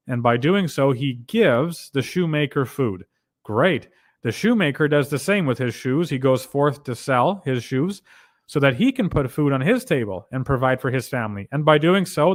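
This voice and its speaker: A Canadian man with a mid-pitched voice explains ideas as a host, building each point with examples. He tends to check in with the listener. The sound is close and dry, with no room echo. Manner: lecturing, explains with examples, ends points with "right?". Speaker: podcast host. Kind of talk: casual conversational commentary.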